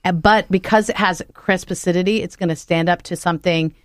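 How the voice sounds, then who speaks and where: Female talk show host, keen wine lover, chatty and warm in tone, dry studio sound. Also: on the low side, fairly even intonation, fairly quick, dry recording. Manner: enthusiastic, chatty, laughs often. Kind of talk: casual interview chat.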